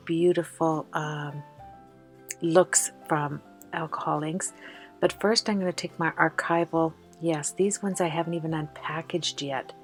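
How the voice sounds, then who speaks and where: A woman hosting a card-making tutorial as a chatty voice-over, out of breath from the flu. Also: lowish voice. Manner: chatty and enthusiastic, many fillers. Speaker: card-making video host.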